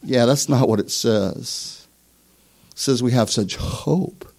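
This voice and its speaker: A male pastor preaching to his congregation. He is lively and joking, and his pitch rises sharply whenever he mimics someone self-righteous. He has a mid-range voice and a conversational pace. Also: slow pace. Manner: animated, mocking voices for examples. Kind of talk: sermon. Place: church before a live congregation.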